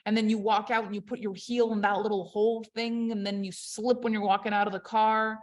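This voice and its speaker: A woman coaching on leadership in an emphatic, conversational motivational talk, swinging between loud and quiet. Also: mid-range voice, little pitch movement, brisk.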